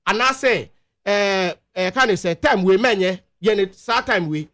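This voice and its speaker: High-voiced Ghanaian man reading law. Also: fairly bright tone. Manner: reads legal text haltingly, mixes English and Twi. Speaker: radio panel guest. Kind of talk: radio debate, reading out a law. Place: radio studio.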